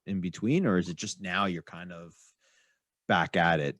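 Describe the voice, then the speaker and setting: A man's voice: low voice, moderate pace, fairly bright tone. A man hosting a podcast interview, reacting with short laughs and asking questions. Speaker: podcast host. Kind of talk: casual interview.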